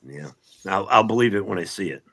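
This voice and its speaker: A man's voice: low voice, lively intonation, fairly quick, fairly bright tone, husky. A man in casual political chat, blunt and sarcastic, swearing freely.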